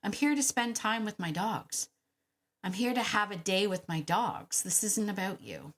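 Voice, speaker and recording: A woman with a mid-range, fairly bright voice hosts a dog-training podcast of her own. Talking alone, she's chatty and emphatic, often restarting quickly and laughing.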